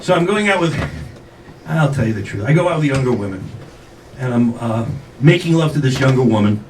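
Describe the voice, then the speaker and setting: A man's voice: mid-range voice, lively intonation, brisk. An older man performing a stand-up comedy set, telling self-mocking stories with brash acted-out quotes. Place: comedy club stage with audience laughter. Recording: echoey club from a distance, noisy.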